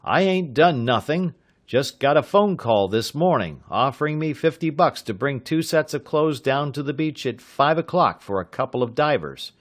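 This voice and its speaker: A man plays a nervous, blustering male loiterer who stammers out protests. His mid-range voice is pitched above his own yet close to everyday speech, expressive and at a moderate pace.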